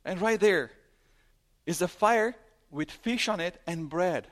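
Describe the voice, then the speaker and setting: A man preaching a sermon, retelling a story with animated storytelling and acted-out dialogue. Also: sits high, takes it slowly, pauses often. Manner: animated storytelling, acting out dialogue with big swings in loudness. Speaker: pastor.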